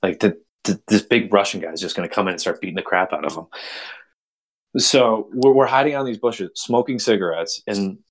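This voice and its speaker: Podcast host, young man, low voice, animated storyteller who acts out dialogue. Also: a little fast. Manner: animated, acts out quotes with big pitch jumps. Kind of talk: casual storytelling.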